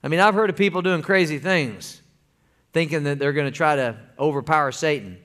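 A man delivers a sermon from the pulpit. His voice sits a little high and he talks in a folksy, conversational way. He keeps pulling the congregation in, asking them to answer back. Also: a little fast, fairly bright tone. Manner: folksy, calls for congregation responses. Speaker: pastor.

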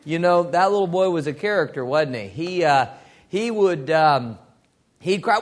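Man, Bible study teacher, folksy storyteller, slightly high voice. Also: sing-song, unhurried. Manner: folksy storytelling with acted quotes.

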